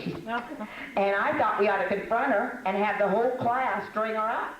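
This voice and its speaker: A woman's voice: medium pitch, normal speed, highs cut off, crowd noise. An older woman giving a folksy, self-mocking talk to a women's meeting, with frequent laughs and fillers. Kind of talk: conversational talk to a women's audience. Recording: echoey room.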